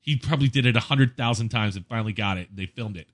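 A man in his forties in casual chat, an animated storyteller who laughs as he talks. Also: lowish voice, very fast.

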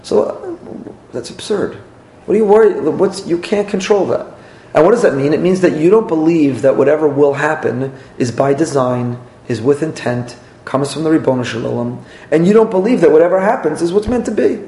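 Man, rabbi giving a lecture, animated, repeats phrases, slightly high voice, echoey room. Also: fairly quick. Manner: animated, repeats phrases and acts out little dialogues. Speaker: rabbi teaching a class. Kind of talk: Torah class lecture with audience questions.

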